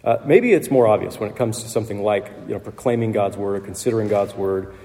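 A man's voice: lowish voice, fast talker, warm tone. A man preaching a sermon in a conversational way, with fillers and small laughs. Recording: long hall reverb.

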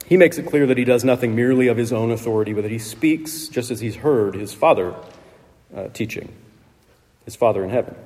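Male preacher, sermon, conversational asides, mellow dark voice, long hall reverb. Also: mid-range voice. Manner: conversational, with asides and light laughs.

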